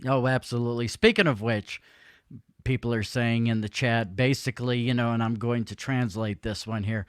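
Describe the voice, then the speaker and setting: A man hosting a casual live-stream interview, agreeable and quick to laugh. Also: medium pitch, steady tone, clean tone, no room sound, studio quality. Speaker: interview host.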